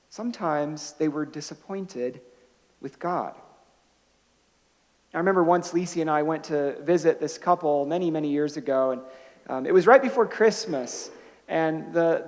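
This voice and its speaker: A man preaching a sermon as pastor, telling stories in a conversational way with restarts and rising to emphatic bursts on key points. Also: high voice. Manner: conversational storytelling with frequent restarts. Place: church sanctuary. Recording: long hall reverb.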